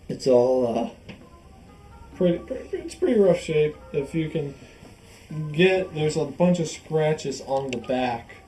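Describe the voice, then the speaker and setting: A man's voice: medium pitch, mellow. A man casually showing off a guitar, rambling with fillers and restarts as he talks. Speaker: guitar vlogger. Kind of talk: casual show-and-tell. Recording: echoey room, faint music.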